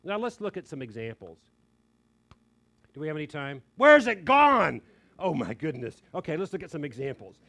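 A man's voice: a little high, fairly quick. An older man preaching a sermon, telling a family story in an earnest, conversational way. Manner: earnest, conversational, quoting others in lively asides.

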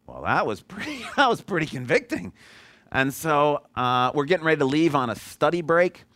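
A man's voice: medium pitch, big pitch swings, brisk, sharp tone, no echo. A middle-aged man preaching a sermon, telling a personal story in a conversational, self-deprecating way. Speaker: pastor.

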